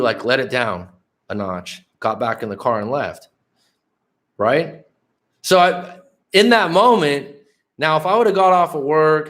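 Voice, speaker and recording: On a casual livestream, a San Francisco Bay Area man in his late 30s, a life coach host, tells a story openly and conversationally, cursing often. He has a mid-range voice with a slightly bright quality.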